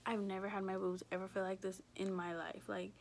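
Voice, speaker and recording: A young woman telling a personal story in a casual, rambling way, filling every pause with "like" and swearing freely. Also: medium pitch, flat delivery, gravelly, slight background noise. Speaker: vlogger.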